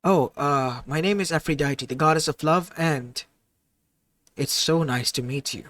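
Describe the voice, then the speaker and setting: A man voicing a flirtatious goddess of love with a put-on French-like accent in an improvised fan-fiction audio story, speaking softly. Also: fairly high pitch, a little slow, no room sound. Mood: flirty. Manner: flirtatious, soft.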